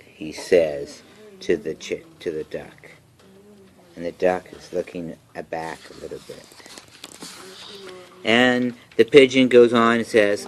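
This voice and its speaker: A woman with a remarkably deep voice reads a picture book to little ones at home. She takes her time, pausing to coax the children with questions as she goes. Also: animated. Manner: gentle, coaxing, asks the children questions. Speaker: reader to young children. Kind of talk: reading a picture book aloud.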